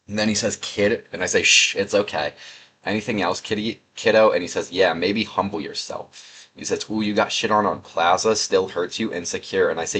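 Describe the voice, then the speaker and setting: A man's voice: low voice, a bit bright, breathy edge. A young man doing casual, sarcastic gaming commentary, reading out chat messages in a rambling, mocking way. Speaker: gaming video creator.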